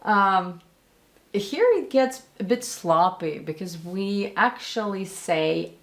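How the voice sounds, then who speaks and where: A woman with a Russian accent talks through a pronunciation lesson in a fairly low voice. She speaks slowly and deliberately, repeating single sounds and words to demonstrate them. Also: fairly bright tone. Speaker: Russian language and accent teacher.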